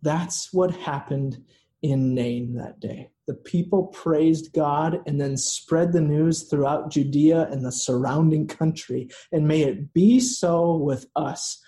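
A man preaching a sermon in a slow, earnest way, with dramatic pauses. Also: a little high, dark tone, a little hiss or hum. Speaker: pastor.

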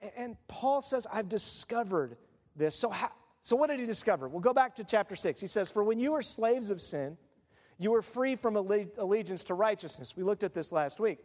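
A middle-aged man preaching a sermon as pastor, telling stories in an animated, self-mocking way. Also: sits high, brisk. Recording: long reverb.

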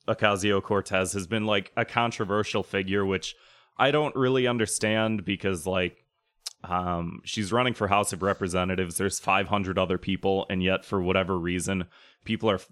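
A man's voice: sits low, fairly bright tone, clear, resonant tone, dry recording, clean studio sound. A man co-hosting a casual podcast, rambling with many filler words and some swearing. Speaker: podcast co-host. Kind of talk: casual chat.

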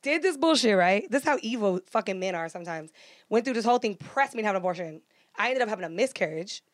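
A woman's voice: medium pitch, animated. A woman in her thirties hosting a casual chat, telling a personal story candidly and emotionally. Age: 30s. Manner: candid, emotional, fast bursts.

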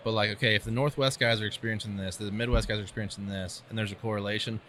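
A man's voice: fairly low pitch, steady tone, rapid-fire, pushed and bright, a little hiss or hum. A man, a tree-care pro, chatting bluntly and animatedly about gear on a podcast. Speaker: arborist guest. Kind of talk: casual podcast chat.

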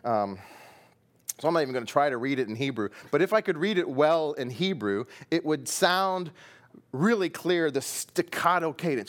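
Acting out his story with character voices and sound effects, a middle-aged man from Texas preaches as pastor in a Texan accent. He speaks at normal speed with a fairly high pitch.

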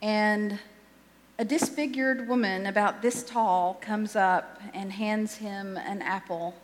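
A woman's voice: medium pitch, fairly even intonation, takes it slowly. Lady pastor chatting thru her sermon, self-deprecating, trips over her words a bit, echoey church. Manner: conversational and self-deprecating, with frequent restarts.

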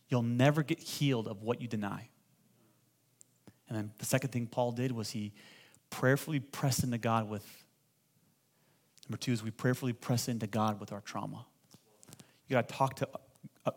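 A man preaching a sermon as pastor to a congregation, asking them to repeat phrases and building to loud, impassioned pleading. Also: medium pitch. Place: church hall with congregation.

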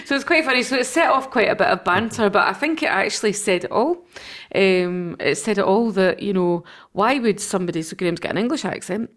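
A woman's voice: medium pitch, brisk, few pauses. A Scottish woman hosting a podcast, chatting casually and animatedly about politics with frequent laughs. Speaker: podcast host.

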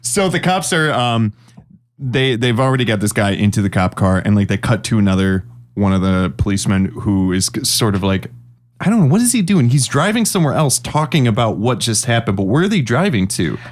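Young male co-host; relaxed, wry, profane banter at an everyday pitch. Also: brisk. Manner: laid-back, profane, wry. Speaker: podcast co-host. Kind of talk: casual chat.

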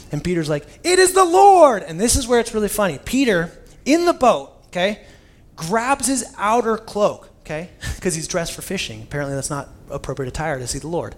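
A young male pastor preaching a sermon in a casual, conversational storytelling style with informal asides. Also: fairly high pitch.

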